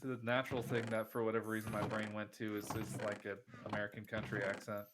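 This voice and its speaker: A man's voice: on the low side, flat delivery, very noisy. Hesitant man chatting while gaming. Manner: hesitant, halting, with restarts. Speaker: fellow player. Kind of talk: casual gaming chat.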